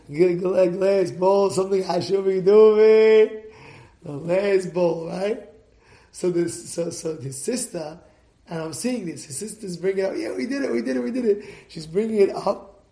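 High-voiced rabbi telling a story, really animated, big echoey room. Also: male voice. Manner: animated, acts out voices, swings between hushed and shouting. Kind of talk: storytelling sermon.

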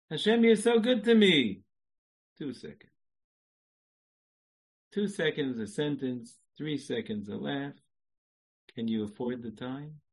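Slow, lively man giving a religious talk. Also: mid-range voice, breathy edge, low-quality recording. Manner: animated, laughs and sings, repeats phrases. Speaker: Jewish lecturer. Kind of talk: spoken religious lecture.

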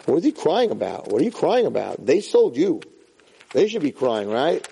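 Animated man teaching Torah in a hall. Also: on the high side, normal speed, creaky, slight background noise. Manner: animated, repeats phrases for emphasis, Hebrew terms mixed in. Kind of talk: Torah class on the weekly portion.

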